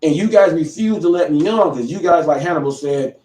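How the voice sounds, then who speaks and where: A man's voice: fairly high pitch, brisk, dark tone, far from the mic. A man hosting a livestream, confrontationally calling out a rival in a rambling rant with frequent restarts. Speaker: livestream show host. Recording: echoey room, voice off-mic.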